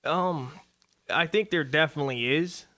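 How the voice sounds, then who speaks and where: A man in his twenties, a race car driver, answering questions in a relaxed, rambling way on a radio interview. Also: on the high side, normal speed. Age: 20s. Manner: easygoing, rambling with fillers. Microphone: studio microphone.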